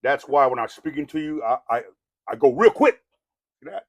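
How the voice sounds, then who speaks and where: A man's voice: mid-range voice, lively intonation, normal speed, no echo, clean studio sound. A man from Southern California with a Samoan-tinged accent, delivering a rambling, preachy rant that is blunt and profane and full of "you know what I mean". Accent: Samoan-influenced Southern California. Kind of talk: ranting monologue.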